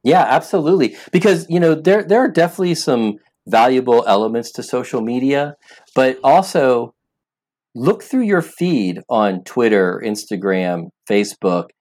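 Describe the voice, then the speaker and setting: In an interview conversation, a man who founded an app talks earnestly and with emphasis, often repeating words as he starts a thought. His voice sits at medium pitch with a darkish tone, expressive and at a moderate pace.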